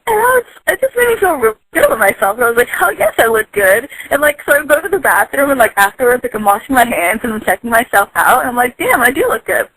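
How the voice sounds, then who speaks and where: A woman's voice: a little high, lively intonation, quick pace, hardly any pauses, fairly bright tone, slightly rough, poor audio. A woman telling a casual story from work, chatty and giggly, full of likes and ums. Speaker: storyteller in a voice post.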